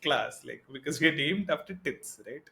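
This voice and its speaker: Indian English male co-host, fairly high-pitched, loose and tangent-prone, laughs at his own asides. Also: animated, normal speed, gravelly, pushed and bright. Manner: rambling, tangent-jumping, chuckles through his stories. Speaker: podcast co-host. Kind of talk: casual podcast chat.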